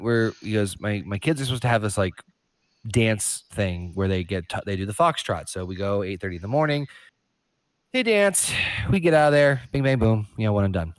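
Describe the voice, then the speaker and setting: A man's voice: sits low, no room sound. A man co-hosting a podcast, casually retelling a comedy routine, swearing freely and acting out the quoted voices. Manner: profane, animated storyteller acting out quotes in a raised voice. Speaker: podcast co-host.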